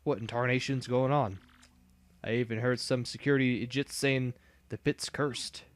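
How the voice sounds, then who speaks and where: A man's voice: medium pitch, steady tone, lightly acted. Man doing a drawling country fight promoter. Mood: folksy. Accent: put-on American Southern drawl. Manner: slow, drawn-out country talk. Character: folksy drawling male fight-club promoter. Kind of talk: reading game dialogue aloud.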